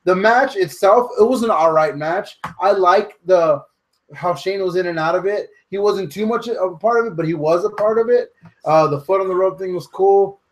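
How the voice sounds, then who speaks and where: Rambling fan-talk man, fairly high voice. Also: normal speed. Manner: enthusiastic, swearing, rambling. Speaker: podcast co-host. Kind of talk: casual wrestling chat.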